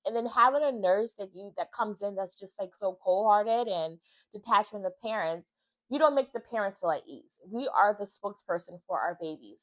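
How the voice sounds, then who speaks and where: A mother who vlogs talks earnestly and emphatically in a casual video about her baby's time in the NICU, telling the story with animation. Her voice is medium-pitched, and the recording has its highs cut off.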